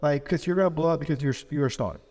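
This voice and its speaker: A man's voice: fairly high pitch, fast talker, a little mellow, long reverb tail. A man co-hosting a podcast who banters in casual, slang-filled, joking talk. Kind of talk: casual chat.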